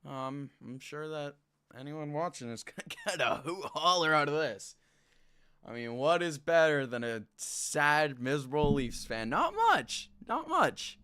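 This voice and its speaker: A man's voice: on the high side, a little slow, pushed and bright, clean tone. A young man hosting a live sports talk stream, ranting with passion and frustration from his own mic. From Canada. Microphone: own mic, moved during check.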